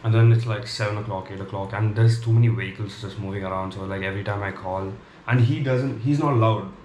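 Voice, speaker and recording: Low, flat-voiced young man telling a story. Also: fast talker, slight background noise. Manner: rambling, many "like" fillers, relaxed and candid. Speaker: vlogger. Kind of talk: casual storytelling. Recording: echoey room with clear background ambience.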